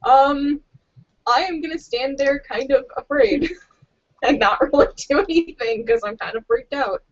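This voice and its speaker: A woman's voice: high voice, animated, measured pace, highs cut off. A woman playing in a casual tabletop game, giggly and playful. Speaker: player.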